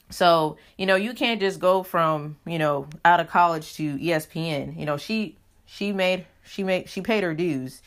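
A woman with a slightly low voice hosts her own podcast. She talks in a loose, casual way and fills her sentences with "you know." It sounds like an easy solo chat. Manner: chatty, heavy use of "you know" fillers. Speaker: podcast host.

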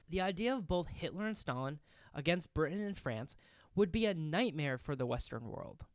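A man's voice: on the high side, no echo, studio quality. A man narrating history in a casual podcast style, with conversational, reflective asides and the odd filler.

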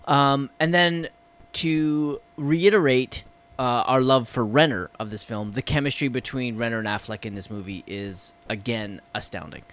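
Give me an enthusiastic male podcast co-host chatting casually, average pitch. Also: normal speed. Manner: enthusiastic, swears casually, trails off when excited. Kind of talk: casual chat.

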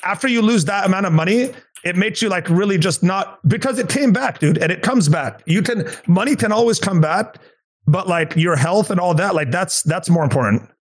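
A man's voice: sits high, expressive, moderate pace, husky. A man talking casually and earnestly, rambling with many fillers and restarts. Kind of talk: casual chat.

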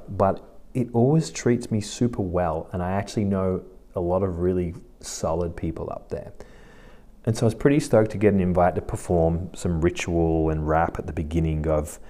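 A man hosting his own podcast, talking casually in a relaxed, rambling, reflective way. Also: low-pitched. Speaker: podcast host. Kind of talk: casual solo podcast monologue.

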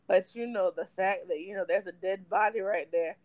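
A young woman co-hosting a casual podcast, candid and animated as she retells scenes and acts out what people said. Her voice sits mid-range, recorded close and dry with no room sound. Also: mid-range voice, moderate pace, no echo, low-quality recording. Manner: candid, animated storytelling with acted-out quotes. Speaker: podcast co-host. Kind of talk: casual chat.

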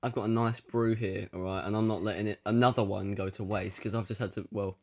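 A man's voice: on the low side, steady tone, brisk, vocal fry. A man co-hosting a podcast, chatting casually in a dry, teasing, laid-back way. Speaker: podcast co-host. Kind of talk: casual chat.

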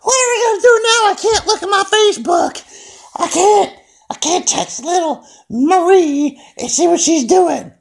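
A man putting on a frantic, whiny falsetto to mock a panicking person who has lost the internet. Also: moderate pace, gravelly. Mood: panicked.

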